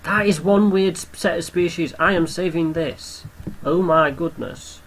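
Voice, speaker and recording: A young man giving casual game commentary, excitable, swearing often and talking to the creatures on screen. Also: a little high, measured pace, rough recording. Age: young adult. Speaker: gamer commentator.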